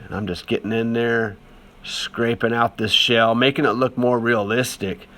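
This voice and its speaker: A man's voice: medium pitch, fairly even intonation, moderate pace, pushed and bright. A man talking casually over a demonstration as an art teacher, chatty and encouraging, with lots of fillers.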